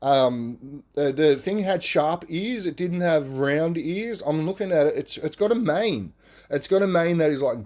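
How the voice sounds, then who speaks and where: A man whose voice is on the high side tells a story on a podcast, animated and casual, swearing freely and finishing lines with "man" and "right?".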